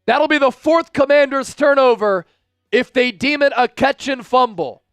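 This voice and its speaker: Excitable high-voiced male livestream host. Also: normal speed, clean tone, dry recording, soft background music. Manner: excitable, shouts at big plays; chats directly with viewers. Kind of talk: live watch-along commentary.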